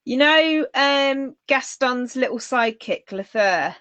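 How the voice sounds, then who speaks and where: A woman's voice: high-pitched, animated, slow, a bit bright, dry recording. A woman with a Northern English accent co-hosting a casual chat, enthusiastic and eager to recommend things. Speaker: podcast co-host.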